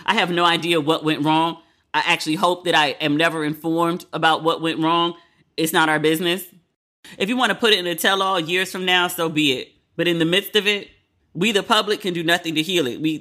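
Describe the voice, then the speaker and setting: Guy podcast host riffing solo, high voice, bright and punchy, swears a lot. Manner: candid, animated, profane, chatty storytelling. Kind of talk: casual solo podcast commentary.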